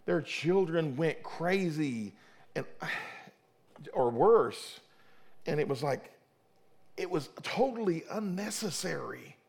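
Brief: middle-aged male pastor, fervent sermon delivery, somewhat high gravelly voice, stumbles and repeats. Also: animated, slow pace. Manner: fervent, repeats and restarts words.

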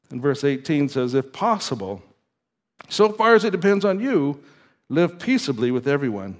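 Pastor, male, fairly high voice, animated sermon delivery, builds from soft to emphatic. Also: normal speed. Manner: lively, swings from quiet to emphatic, with laughs and stumbles. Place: church.

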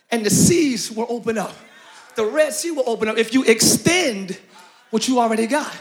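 A man preaching a sermon in an animated, slangy, joking style, with loud delivery. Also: extremely high pitch, unhurried, long pauses.

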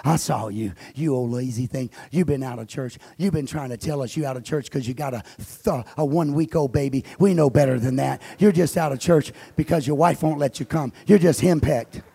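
A preacher acting out a mocking wolf that stands for the devil, in a low, gravelly voice during a sermon. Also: male voice, a little fast, hardly any pauses, warm tone. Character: taunting wolf, the devil, male, cruel and mocking.

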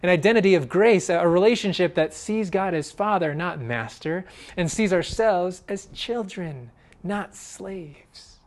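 A man preaching a sermon in an earnest way, swinging from loud emphasis to hushed, quiet phrases. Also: sits high, expressive, unhurried. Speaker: pastor.

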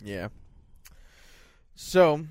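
A man talks casually with his co-host, hesitating and restarting with filler words. His voice is smooth and clear. The sound is dry and close. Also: on the high side, big pitch swings, extremely slow, darkish tone, dry recording. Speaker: podcast co-host. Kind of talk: casual chat.

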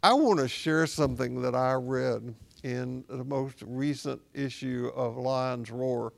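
A man, a spiritual director, talking casually about Buddhist practice as a reflective, gently wry storyteller. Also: mid-range voice, slow pace, gravelly.

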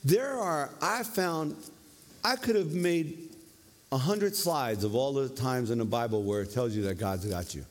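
A male preacher giving a lively, conversational sermon, often tagging his points with questions. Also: medium pitch, measured pace. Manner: conversational, animated, tag questions. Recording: long reverb of a hall.

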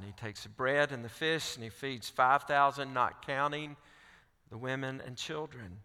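A man's voice: mid-range voice, pushed and bright, clear, resonant tone. A man preaching a sermon, reading scripture aloud and pressing questions on his listeners. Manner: reads scripture aloud, then presses questions with rising intensity. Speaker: pastor. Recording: long hall reverb.

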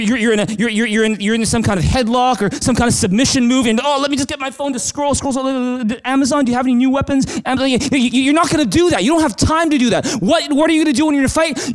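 A pastor giving a conversational sermon, emphatic and repeating phrases for emphasis. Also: male voice, very high-pitched.

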